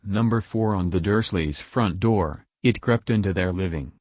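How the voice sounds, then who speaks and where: A man reading a children's fantasy novel aloud in a measured, even storytelling voice. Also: sits low, dry recording. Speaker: audiobook reader. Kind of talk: storybook narration.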